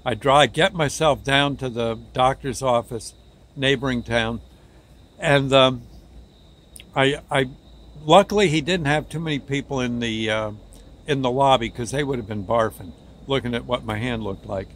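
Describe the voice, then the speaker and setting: A man telling a personal story casually, halting and restarting his words as he goes. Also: medium pitch, a bit bright.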